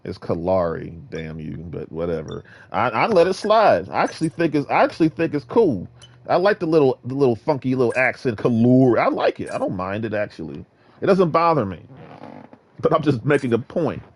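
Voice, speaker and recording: Animated trash-talking man from Virginia. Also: medium pitch, a little fast. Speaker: gaming vlogger. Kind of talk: casual ranting monologue.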